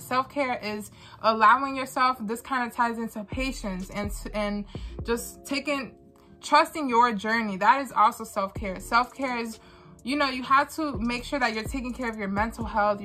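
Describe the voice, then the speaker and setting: A woman's voice: a little high, bright, forceful tone. A young woman and small business owner talking candidly in a vlog, earnest and repeating phrases for emphasis.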